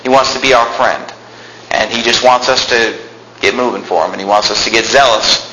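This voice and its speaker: A man's voice: mid-range voice, steady tone, a little fast, noisy background. A man preaching a sermon as pastor, with an emphatic, fervent delivery, heard in a church sanctuary. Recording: echoey room.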